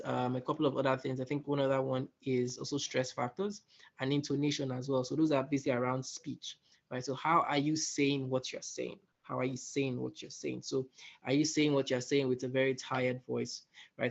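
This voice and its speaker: A man's voice: mid-range voice, vocal fry. Man lecturing a workshop, lo-fi sound. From West Africa. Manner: conversational, often checks in with "right?". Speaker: workshop facilitator. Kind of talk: soft-skills workshop lecture.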